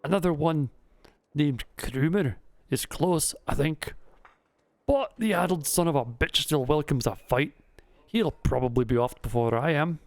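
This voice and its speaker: A man's voice: on the high side, unhurried, no echo. Man putting on a Scottish old giant warrior. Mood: gruff. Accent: put-on Scottish. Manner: blunt, crude banter. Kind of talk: reading game dialogue aloud.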